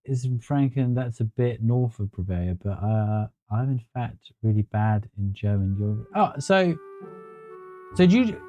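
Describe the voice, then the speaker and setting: Chatty male streamer, dark tone. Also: lowish voice, animated, a little slow, lo-fi sound, faint music behind. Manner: chatty, rambling, laughs at himself. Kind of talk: casual gameplay commentary.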